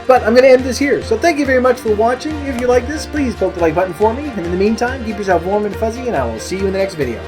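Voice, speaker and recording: A Canadian man chatting loosely to his camera, voice sitting a bit high for a man. He wanders off topic, piles on ums and corrects himself mid-sentence. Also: animated, very fast, hardly any pauses, music in the background. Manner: rambling, many fillers and self-corrections. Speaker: vlogger. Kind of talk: casual chat to camera.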